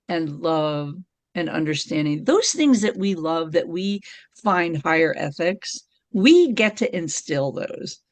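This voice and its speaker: A middle-aged woman, a podcast guest, telling stories in an animated way and laughing often. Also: low voice, no echo. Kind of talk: conversational storytelling.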